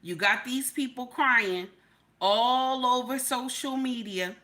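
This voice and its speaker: A woman reacting on a livestream in animated, exclamatory talk, repeating "okay?" often. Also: on the high side, slow pace. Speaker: livestream host. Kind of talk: casual reaction commentary.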